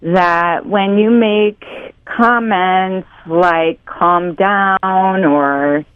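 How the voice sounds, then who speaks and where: A woman on a radio call, laughing often and gently insisting that her partner change. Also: mid-range voice, drawn-out words, no room sound, narrow, tinny audio. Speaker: caller's partner on a radio prank segment. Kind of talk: on-air phone conversation.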